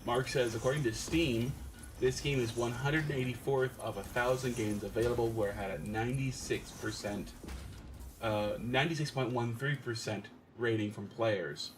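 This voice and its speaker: A man's voice: medium pitch, moderate pace, background noise. A man chatting on a gaming stream, reading chat messages aloud and explaining things in detail.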